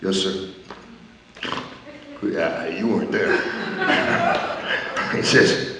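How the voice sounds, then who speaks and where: A man's voice: sits low, huge pitch swings, very slow, very noisy, full character voice. A man acting out a one-man stage show, telling brash, profane stories about his wrestling days in a theater. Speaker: stage performer. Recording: echoey hall from far off.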